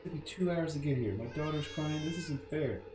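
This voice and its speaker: Meek young mother, put on by a man in falsetto, apologetic and pleading; roomy recording over game music. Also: brisk, background noise, lightly acted. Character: pleading young mother visiting jailed husband. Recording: echoey room with game music.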